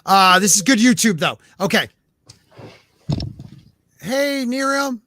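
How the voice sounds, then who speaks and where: A man's voice: high voice, expressive, takes it slowly, pushed and bright, no room sound. A man hosting a podcast in casual chat, joking and self-deprecating as he stumbles over words. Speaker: podcast host.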